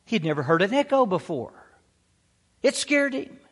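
A man's voice: very high-pitched, very animated, moderate pace, in a large hall. A male pastor preaching a sermon, exhorting his listeners with rhetorical questions and frequent "amen" calls.

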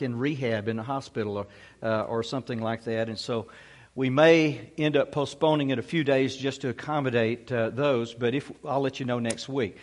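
A male pastor preaching a sermon to his congregation in a folksy way, often saying "Amen.". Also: medium pitch. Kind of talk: sermon with a humorous story. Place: church sanctuary.

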